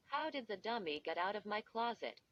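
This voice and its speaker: A woman's voice: mid-range voice, very animated, moderate pace, a bit bright. A woman reading a flustered, defensive boy. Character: nervous boy, the accused younger brother. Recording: dull lo-fi recording.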